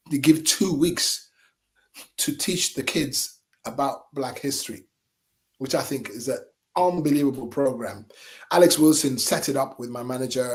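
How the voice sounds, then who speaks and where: A middle-aged man, a singer and entertainer, telling stories as a radio guest in a lively, animated way with chuckles. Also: mid-range voice. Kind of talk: casual interview storytelling. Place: radio studio.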